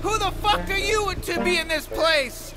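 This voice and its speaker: A man's voice: very high-pitched, measured pace. A man voicing a furious, territorial tree man in a video game, screaming and swearing on repeat.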